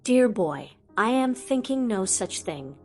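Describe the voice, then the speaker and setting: A woman voicing an old male wizard headmaster who speaks with gentle, mock-innocent reassurance. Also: on the high side, big pitch swings, slow pace, faint music behind.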